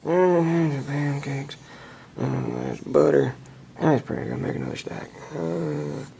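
A man voicing a crabby old male schoolteacher who yells rudely at his class, in a comedic puppet video. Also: very high-pitched, expressive, normal speed, a little hiss or hum, heavily acted. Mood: cranky. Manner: yelling, cranky and rude.

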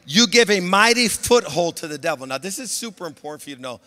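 A male pastor delivering a sermon, who swings between shouting exhortation and soft, low confiding talk. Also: lively intonation, quick pace. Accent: Southern Californian. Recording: long church-hall reverb.

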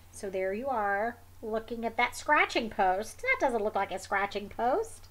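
Brief: woman storyteller, unhurried children's read-aloud, sing-song and fairly high, gentle asides. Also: sing-song. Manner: gentle, explains the pictures to listeners, slips into soft whispered asides. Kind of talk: picture book read aloud.

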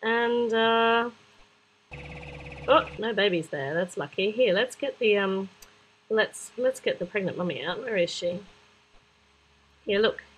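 A woman narrating a kids' app playthrough in a chatty, playful way, at a middle pitch for a woman. She talks to the little characters, makes sound-effect words and breaks into sudden excited squeals. A faint hum sits behind her. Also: a little slow, long pauses, rough recording.

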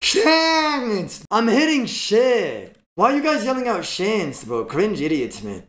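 Man, game streamer, fairly high voice, very animated pitch, brash, trash-talking, cusses, breaks into yelling. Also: slow pace. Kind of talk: live gameplay commentary.

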